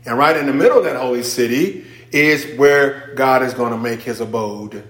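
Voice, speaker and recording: A man preaching a sermon in church. He swings between hushed asides and near-shouted emphasis, with casual remarks to the congregation. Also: medium pitch, moderate pace. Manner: informal, conversational asides with the congregation. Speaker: pastor. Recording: echoey church room.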